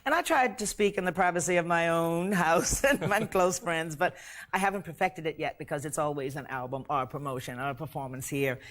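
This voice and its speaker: A woman's voice: sits low, a little fast. A woman in her fifties from the United States, a guest in a casual television interview, playful and often laughing. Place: TV studio set dressed as living room, with audience.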